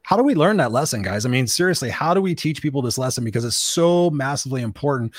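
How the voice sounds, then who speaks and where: A man hosting a podcast, asking questions in an earnest, energetic way. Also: mid-range voice, fast, dry recording, studio quality. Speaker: podcast host. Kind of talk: casual podcast talk.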